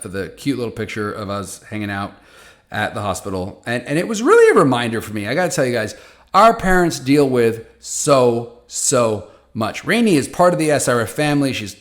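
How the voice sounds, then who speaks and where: A man hosting a foundation podcast, talking casually and animatedly from his office, often restarting phrases. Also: medium pitch. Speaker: podcast host for a patient foundation. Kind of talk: casual monologue. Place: hot office.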